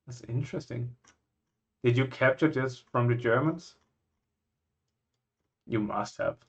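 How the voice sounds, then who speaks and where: A man from Scandinavia chatting casually as he reacts to places, musing and thinking out loud. His voice sits at a middle pitch for a man, and the recording sounds slightly dull and lo-fi. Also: slow pace. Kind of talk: casual chat.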